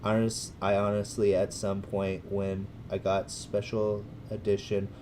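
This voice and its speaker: A Californian American man with a lowish voice talks casually to his livestream chat. He rambles, hesitates and restarts his sentences, then jumps up into loud, cheerful hellos for the viewers. Faint ambient noise sits under his voice. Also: completely flat delivery, measured pace. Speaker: gaming livestreamer.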